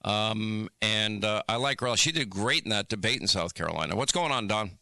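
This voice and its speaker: A man hosting a call-in radio talk show, talking quickly with stammering restarts. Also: lowish voice, vocal fry, pushed and bright, dry recording. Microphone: studio microphone.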